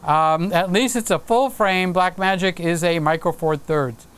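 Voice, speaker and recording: A man hosts a casual live stream and trades playful jokes with his viewers. He speaks in an unhurried way, and his voice is smooth and clear. He often drifts into reading comments aloud. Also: high-pitched, a bit bright. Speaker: livestream host.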